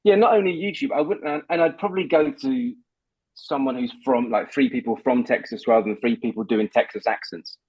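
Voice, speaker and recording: A man's voice: medium pitch, a little fast, breathy edge, dull audio. A man, a guest voice coach, chatting casually and eagerly on a podcast, laughing easily.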